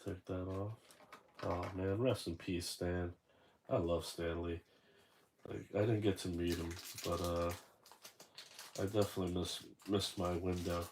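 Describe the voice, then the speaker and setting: A man's voice: sits low, level tone, a little slow, pauses often, slight background noise. A man unboxing a toy figure and chatting casually, rambling and correcting himself as he tells a story.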